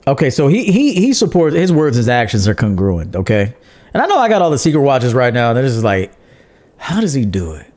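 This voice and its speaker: A man's voice: medium pitch, huge pitch swings, quick pace, a little mellow. A man hosting a livestream dating-advice show in a brash, profane, joking manner, reading out viewer donations. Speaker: podcast host and dating coach. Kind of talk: casual livestream monologue.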